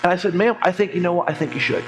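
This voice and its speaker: A man's voice: sits high, racing, over music. A man in his forties, a financial coach teaching a church class in a conversational way, telling stories and acting out quoted voices with jokes. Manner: lively storyteller, acts out quoted voices, jokes. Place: church hall.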